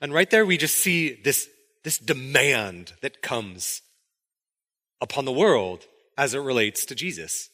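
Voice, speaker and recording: A man's voice: medium pitch, unhurried. A man preaching a sermon in a conversational way, acting out quotes from the story as he goes. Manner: conversational, animated, acts out quotes. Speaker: pastor.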